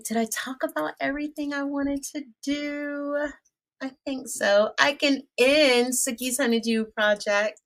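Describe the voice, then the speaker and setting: A woman's voice: medium pitch, a bit bright. A middle-aged woman with a Mid-Atlantic US accent, hosting her own vlog and telling stories to the camera in a chatty way, laughing and talking straight to her viewers. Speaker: vlog host. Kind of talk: casual storytelling to camera.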